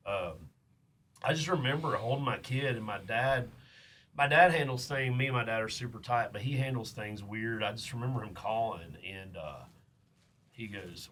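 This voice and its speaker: A man's voice: medium pitch, a bit bright, a little hiss or hum. A man, hosting a casual podcast chat and telling a story with lots of fillers and restarts. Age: 30s. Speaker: podcast host.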